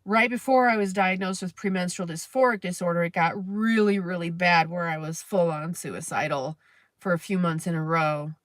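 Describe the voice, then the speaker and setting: A woman's voice: on the low side, moderate pace, no echo. A woman hosting a live stream, venting in a candid, rambling, profane way. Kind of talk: casual venting monologue.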